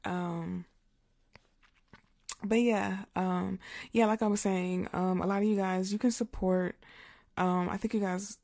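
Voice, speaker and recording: Young woman ASMR creator, slightly hoarse, gravelly edge, loose chatty delivery, close studio mic. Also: medium pitch, steady tone, unhurried, long pauses, darkish tone. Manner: chatty, rambling, reads viewer comments aloud and laughs often. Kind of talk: casual livestream chat in her regular voice. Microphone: studio mic with pop filter.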